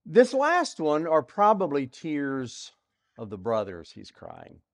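A man teaching through a Bible passage in a sermon, asking rhetorical questions and swinging between loud and soft. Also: on the high side, huge pitch swings, takes it slowly. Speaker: preacher.

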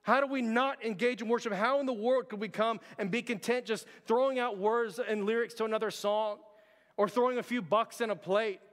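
A man's voice: extremely high pitch, steady tone, a little fast, long reverb tail. A pastor preaching an earnest, conversational sermon to his church, often addressing the congregation directly.

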